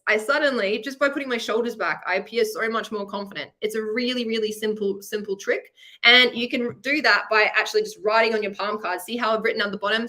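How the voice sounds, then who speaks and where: A slightly high, pushed and bright voice belongs to a woman with an Australian accent giving a student masterclass by webcam. Her upbeat, chatty delivery is encouraging, and she illustrates points with examples.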